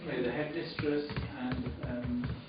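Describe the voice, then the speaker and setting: A man's voice: steady tone, takes it slowly, heavy reverb, over loud music. A man presenting awards as a director, speaking off the cuff with many ums and repeated words. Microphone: camera mic from a distance. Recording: distant, boomy, dull camera audio with room noise.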